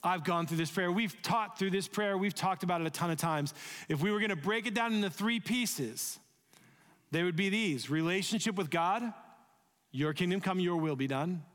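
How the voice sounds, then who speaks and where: Earnest pastor in a reverberant hall. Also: male voice, sits high, moderate pace. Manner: earnest, conversational preaching, drops soft when leading prayer. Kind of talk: sermon. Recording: echoey hall, long reverb.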